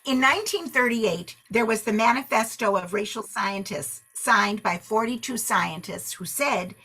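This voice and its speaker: A woman leading a book club discussion, animated and acting out the characters' lines as she retells the story. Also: a little high, a little slow, few pauses, breathy edge.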